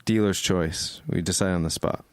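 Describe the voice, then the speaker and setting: A man's voice: deep voice, steady tone, normal speed, darkish tone, clean tone, no room sound. A man co-hosting a gaming podcast in casual chat, answering briefly with dry quips. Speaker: podcast co-host.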